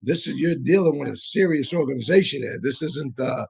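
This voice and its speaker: Husky man, dry close sound, rambling storyteller with restarts, casual and profane. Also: a little high, expressive, fairly quick, no room sound, rough recording. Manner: rambling, frequent restarts and asides. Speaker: podcast co-host and storyteller. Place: live audience show.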